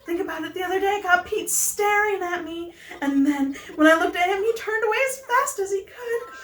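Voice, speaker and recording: A woman's voice: a little fast, fairly bright tone, echoey room. A woman voicing a lovestruck young female pelican who gushes breathlessly. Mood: hopeful. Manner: breathless gushing, voice climbing high.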